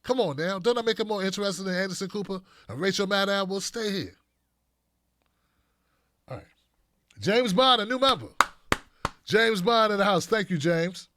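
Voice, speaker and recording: High-voiced joking male stream host. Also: expressive, normal speed, long pauses, sharp tone. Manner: loose, joking, laughs often, calls viewers "man". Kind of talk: casual livestream chat reading donations.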